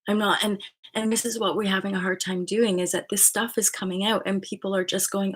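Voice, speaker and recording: A woman's voice: mid-range voice, flat delivery, a little fast, husky. A woman hosting her own channel, talking in a rambling, casual spiritual monologue full of fillers, restarts and swearing. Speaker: channel host.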